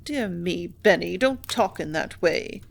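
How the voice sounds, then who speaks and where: A woman voicing a fussy middle-aged widowed mother in an audiobook, pitching her voice higher and exclaiming. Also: big pitch swings, normal speed. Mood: fretful. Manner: raised, fretful, exclaiming.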